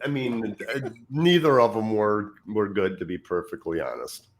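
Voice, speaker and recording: A man co-hosting a podcast, talking candidly and haltingly while feeling unwell. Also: on the low side, animated. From Poland. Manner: halting, restarts often, candid. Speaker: podcast co-host, former wrestler. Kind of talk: casual chat.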